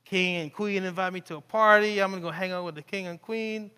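A man's voice: high voice, fairly even intonation, fairly quick, pushed and bright, clean tone. A man voicing a boastful, smug male royal official in a casual modern-slang retelling, during a sermon. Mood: gloating. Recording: long hall reverb.

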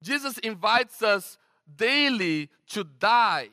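A man from Brazil with a Brazilian Portuguese accent, preaching a sermon as pastor in a conversational, animated way with frequent restarts. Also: high-pitched, takes it slowly. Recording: long hall reverb.

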